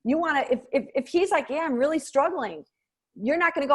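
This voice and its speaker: High-voiced woman mentoring coaches. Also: moderate pace. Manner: animated, acts out lively example lines. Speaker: mentor coach giving feedback. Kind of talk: coaching feedback on a video call. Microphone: video call.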